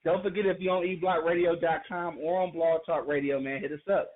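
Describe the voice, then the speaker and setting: A fairly high-voiced man holds forth on a call-in relationship podcast, circling back and repeating phrases as he works toward his point, with laughs scattered through. The sound is thin and phone-like. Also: steady tone, a little fast. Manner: chatty, repeats himself, laughs often. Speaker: podcast co-host. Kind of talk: casual radio talk. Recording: phone-like call-in radio audio.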